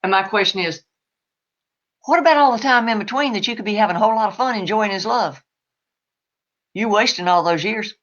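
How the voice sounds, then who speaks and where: A woman answering live questions as an animal spirit medium, emphatic and animated. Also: medium pitch, brisk, pauses often, muffled recording.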